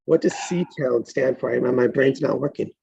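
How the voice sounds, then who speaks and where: A man hosting a casual online script-reading session and prompting the others in a relaxed way, heard over a video call. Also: mid-range voice, normal speed, vocal fry, breathy edge, dull audio. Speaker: host. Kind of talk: casual group chat.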